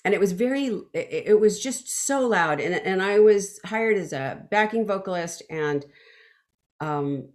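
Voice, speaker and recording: A woman's voice: mid-range voice, lively intonation, a little slow, a little mellow. A woman singer telling her story in an interview, acting out quotes, with many fillers and restarts. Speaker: guest, backing vocalist.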